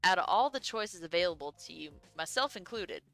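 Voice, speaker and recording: A woman voicing a cool, deadpan young man who talks in a laid-back, profane, bluntly sarcastic way while reading a game's lines aloud. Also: lowish voice, fairly quick, faint music behind. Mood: incredulous.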